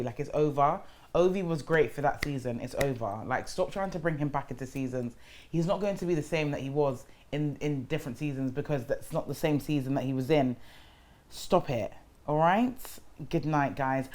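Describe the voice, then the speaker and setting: A woman's voice: deep voice, animated, moderate pace, darkish tone. A young woman giving a blunt, sassy, slangy recap of a reality show as a vlogger.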